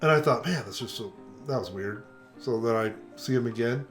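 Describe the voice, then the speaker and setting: A man's voice: medium pitch, fairly quick, faint music behind. An older man co-hosting a casual conversation, telling stories and acting out the voices of the people he quotes. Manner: animated storyteller, acts out quoted voices. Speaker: co-host.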